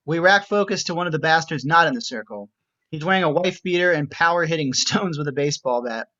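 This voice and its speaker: A man's voice: a little high, animated, fast, bright, forceful tone. A man reading stage directions aloud in a script reading, in a matter-of-fact way. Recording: dull lo-fi recording.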